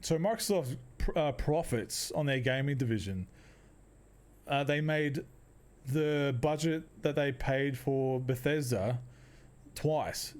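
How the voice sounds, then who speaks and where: A man's voice: medium pitch, darkish tone. A young man hosting a casual solo podcast, rambling, laughing often and restarting his sentences. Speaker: podcast host.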